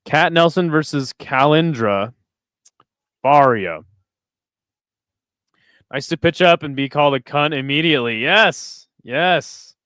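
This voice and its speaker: Male streamer, watch-party host, smooth clear voice, close dry mic, foul-mouthed banter with chat. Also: a little high, lively intonation, slow pace, pauses often, fairly bright tone, no room sound. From United States. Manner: crude, joking, chatting with viewers between fight calls. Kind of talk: casual live-stream commentary.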